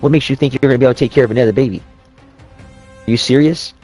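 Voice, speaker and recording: A man's voice: mid-range voice, rapid-fire, darkish tone, soft background music. A heated, swearing man ranting. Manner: profane, rambling, heated retelling of quoted dialogue. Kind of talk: ranting storytelling.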